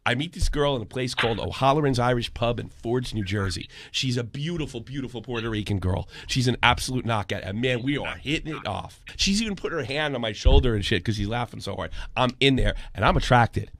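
This is a man in his forties with a gravelly, bright-edged voice. He hosts a podcast in profane commentary-rant style. He sits close to a dry, dead-sounding mic and swings between hushed storytelling and shouting. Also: lively intonation, fairly quick, few pauses, no room sound. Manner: swears constantly, swings from low storytelling to shouting. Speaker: podcast host.

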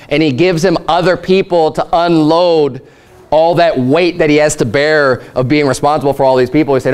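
A pastor delivering a sermon, reading scripture and acting out lively paraphrased dialogue. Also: male voice, a little high, fairly quick, clear, resonant tone. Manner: animated preaching with paraphrased dialogue.

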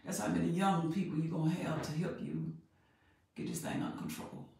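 A woman preaching a sermon in an emphatic, repetitive way that builds in loudness. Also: sits low, fairly even intonation, fairly quick, gravelly. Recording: very echoey room, voice far from mic.

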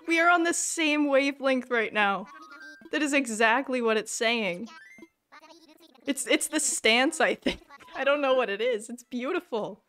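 A woman streamer chatting excitedly with her viewers during a live game stream, laughing often. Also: sits high, slow pace, pauses often.

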